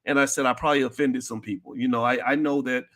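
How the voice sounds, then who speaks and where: A man hosting a commentary show, talking bluntly and directly to his audience, with many restarts and loud, high-pitched outbursts when worked up. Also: fairly even intonation, fast. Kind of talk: opinionated commentary to an online audience.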